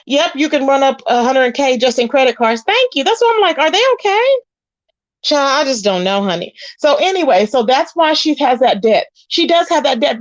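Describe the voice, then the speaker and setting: A woman's voice: high-pitched, no echo. A woman doing casual live-stream commentary, reading chat aloud in a sassy way, calling viewers child and honey. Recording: dull lo-fi, dry.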